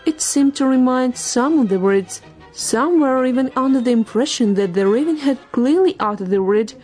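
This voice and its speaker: Woman, storybook narration, mellow, fairly high, faint music behind.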